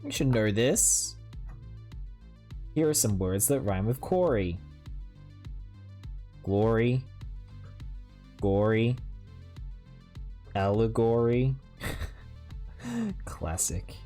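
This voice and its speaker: A woman with a low voice chats on a live stream, swinging her pitch up and down as she plays at being outraged. She is excitable and teasing with her viewers, and faint music runs underneath her. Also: very slow, pauses often. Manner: playful mock outrage, excitable. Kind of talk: casual live-stream chat while building.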